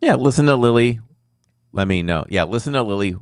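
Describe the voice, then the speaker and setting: A man hosting a live podcast, chatting casually and signing off in an upbeat, animated way. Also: mid-range voice, fairly quick, clean tone, no room sound, clean studio sound. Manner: upbeat, animated sign-offs. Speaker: podcast host.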